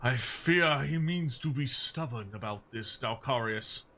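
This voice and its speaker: A man voicing a calm, formal male companion in a video game, speaking in a measured, polite way. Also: mid-range voice, pitched below the performer's own voice.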